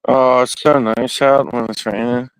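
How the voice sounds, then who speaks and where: Male vlogger, loose and profane, slow delivery, dry close sound. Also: mid-range voice, steady tone, smooth, dry recording, rough recording. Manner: loose, crude, talks to himself and his cat. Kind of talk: casual rambling vlog. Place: outdoors in the rain and at home.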